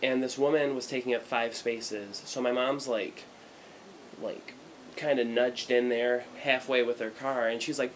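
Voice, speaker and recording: A man's voice: mid-range voice, steady tone, a little slow, a little hiss or hum, rough recording. A young American man from the United States rambling through a casual travel vlog, full of fillers and blunt asides, filmed on a handheld camera in a small hotel room. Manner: rambling, irreverent, many fillers. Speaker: vlogger.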